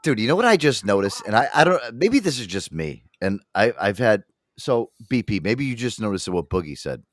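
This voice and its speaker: A man's voice: on the low side, a little fast, no room sound, studio quality, faint music behind. A man co-hosting a podcast in casual chat, rambling and swearing, laughing often and putting on voices when he quotes people. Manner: profane, rambling, laughs a lot, animated quoting voices. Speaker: podcast co-host.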